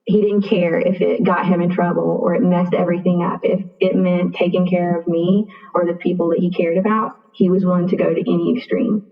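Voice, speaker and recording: A young woman shares her own story as a podcast guest, earnest and full of replayed conversations. Her pitch stays narrow and even. She sounds thin and tinny, set back from the microphone. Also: fairly quick, gravelly, hardly any pauses. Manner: earnest, full of reported speech and "like". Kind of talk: personal storytelling. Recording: tinny phone-like sound, distant from mic.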